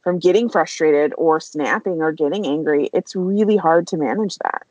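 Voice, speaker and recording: A woman's voice: deep voice, darkish tone, dry recording, dull audio. A woman co-hosting a veterinary podcast, talking candidly and openly about team morale in casual conversation. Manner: candid, fast-flowing, emotional. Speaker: podcast co-host, veterinary practice leader.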